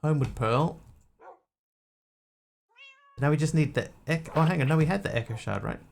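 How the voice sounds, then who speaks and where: A man's voice: on the high side, lively intonation, normal speed, vocal fry. A man streaming a game, rambling and talking to himself as he plays. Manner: rambling, talks to himself while playing. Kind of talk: casual gameplay commentary.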